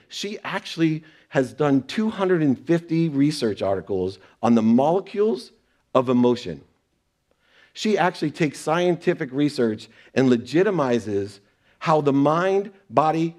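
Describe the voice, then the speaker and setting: Man, middle-aged, motivational storyteller, earnest, mid-pitched voice. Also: very animated, normal speed, a little mellow. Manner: earnest, acts out quoted exchanges. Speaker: speaker sharing personal lessons.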